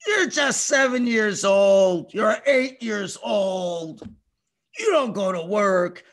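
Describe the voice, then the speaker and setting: A man's voice: very high-pitched, a bit bright, exaggerated voice. A man voicing a sly male tempter spirit who mocks and belittles a child. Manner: wheedling, mocking, belittling.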